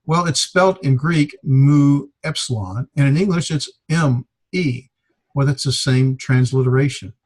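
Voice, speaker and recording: A man teaching a Greek grammar class, explaining in a halting way with many fillers. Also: medium pitch. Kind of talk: classroom lecture.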